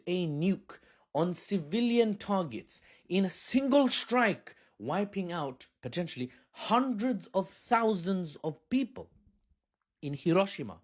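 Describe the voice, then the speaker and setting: Husky, sarcastic male commentator. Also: sits high, big pitch swings, measured pace. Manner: sarcastic, mocking, chatty slang. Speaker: political commentator. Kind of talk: casual video commentary.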